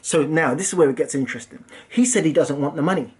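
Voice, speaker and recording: A young English man, a property investor and channel host, telling a story for his vlog in an animated, self-mocking way. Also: a little high, fast talker. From England.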